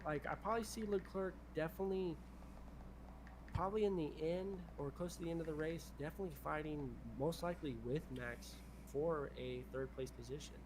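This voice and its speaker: A man's voice: fairly high pitch, a little fast. Rambling male streamer, noisy mic. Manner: rambling, repeats "definitely". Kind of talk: casual chat while gaming.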